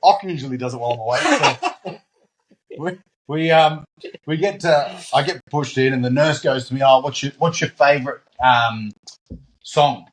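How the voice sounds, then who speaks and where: A man's voice: mid-range voice, moderate pace, a little hiss or hum. A man hosting a podcast, chatting casually and laughing often. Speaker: podcast host. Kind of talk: casual chat.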